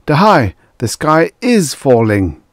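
A man voicing an excitable, panicky middle-aged prime minister of a space empire in an audiobook, blurting out his words in alarm. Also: slow pace, dry recording, studio quality. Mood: panicked. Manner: shrill, frantic, blurting.

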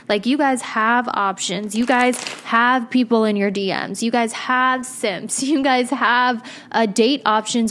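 A young woman doing a casual tarot reading to camera, chatty, blunt and slangy, swearing now and then. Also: fairly high pitch. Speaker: tarot reader.

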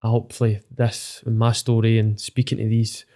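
A man's voice: on the low side, flat delivery, fairly quick, warm tone. A man in his thirties with a Scottish accent, speaking openly and emotionally in a podcast interview, swearing often. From Scotland. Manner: open and emotional, with frequent swearing. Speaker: footballer guest.

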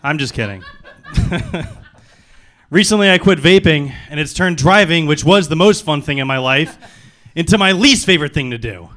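Stand-up guy with a bright sharp voice, brash and swears a lot. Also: on the high side, animated, moderate pace, long pauses. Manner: brash, profane punchlines. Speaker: stand-up comedian. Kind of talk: stand-up set. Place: small live comedy venue.

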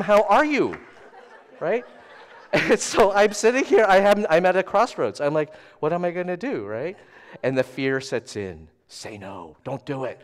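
A middle-aged man giving a storytelling sermon at a church service, chatty and self-deprecating, shifting between hushed asides and loud animated bursts. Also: mid-range voice. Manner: conversational, self-deprecating, often asks "right?". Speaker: guest preacher.

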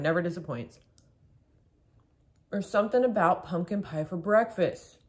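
A woman's voice: on the low side, expressive, moderate pace, pauses often, darkish tone. A woman chatting casually in a home vlog, rambling and filling her talk with "like" as she tells stories from her kitchen. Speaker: vlogger.

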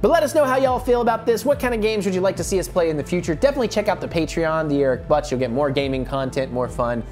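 An excitable man talks his way through a co-op video game in loose, casual commentary. He yelps and curses at the screen, and his pitch leaps around constantly. Faint game music plays underneath. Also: fast talker, few pauses. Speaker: let's play co-host.

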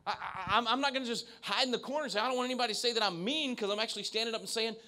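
A man with a very high, very fast voice that sounds pushed and bright delivers a keynote into a handheld microphone. He addresses an evening audience at an event venue, speaking emphatically and often restarting his sentences.

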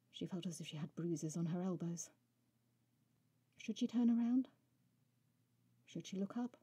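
A woman author reading her own short story aloud in a soft, measured way. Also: lowish voice, breathy edge, dry recording. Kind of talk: storybook narration.

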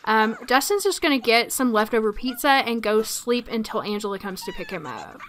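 A woman casually commenting on her life-simulation gameplay, chatty and quick to laugh. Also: a little high, huge pitch swings, a bit bright, slight background noise. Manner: chatty, laughs often, frequent ums. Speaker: let's play narrator.

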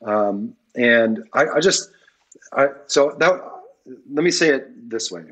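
Husky-voiced man, earnest guest pastor. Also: mid-range voice, expressive, takes it slowly, a bit bright. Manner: earnest, repeats key phrases for emphasis. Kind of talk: podcast interview.

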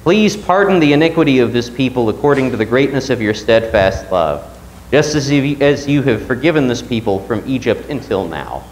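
A man's voice: mid-range voice, animated, moderate pace, reverberant, a little hiss or hum, low-quality recording. A man teaching a Sunday Bible class at church, reading scripture aloud and asking the class questions.

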